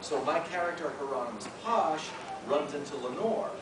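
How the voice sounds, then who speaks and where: A man telling a story to a convention crowd, his voice bouncing all over its range as he jokes at his own expense. He is a little higher-pitched than most men. The mic is far away in an echoey hall, with heavy background noise. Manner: lively, joking, self-mocking, with quick restarts and acted-out voices. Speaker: guest artist at a fan Q&A. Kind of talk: animated storytelling at a convention panel. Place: convention hall, in front of an audience.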